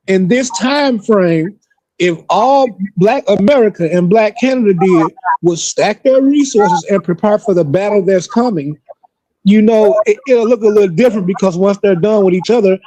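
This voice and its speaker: A man on a live-stream panel, speaking in a measured, lecturing way and checking in with "okay?". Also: high voice, mellow, no echo.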